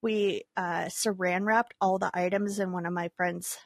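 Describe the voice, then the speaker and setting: A young adult woman co-hosting a podcast, telling stories in an animated, filler-heavy casual way. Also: on the low side, measured pace, creaky, no echo, studio quality. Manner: animated storyteller, many fillers. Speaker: podcast co-host. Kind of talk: casual chat.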